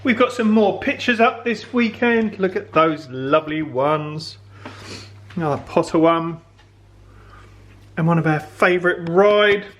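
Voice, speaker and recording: Middle-aged bloke telling a joke at home, kinda high, roomy and far off. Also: male voice, a little slow, fairly bright tone, a little hiss or hum. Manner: chatty, rambling joke-teller. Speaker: vlog host. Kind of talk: casual storytelling to camera. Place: home, indoors.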